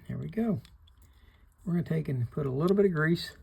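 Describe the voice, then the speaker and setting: A man's voice: a little high, expressive, fairly quick, vocal fry, darkish tone, slightly rough. A middle-aged man hosting a hands-on repair tutorial, plain-spoken, talking through each step while he works. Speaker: fishing reel repairer hosting a channel.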